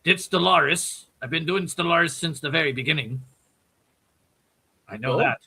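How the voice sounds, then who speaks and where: A raspy, gravelly man putting on a gruff dwarven brogue in casual podcast chat. His voice is bright and fairly high, and he swears freely. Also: moderate pace. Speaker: podcast guest.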